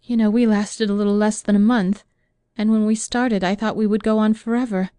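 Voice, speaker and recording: A woman's voice: mid-range voice, steady tone, brisk, mellow, clear, resonant tone, dry recording, close to an everyday voice. A woman voicing a heartbroken young woman in an audiobook, speaking in a pleading, emotional way. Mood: wistful.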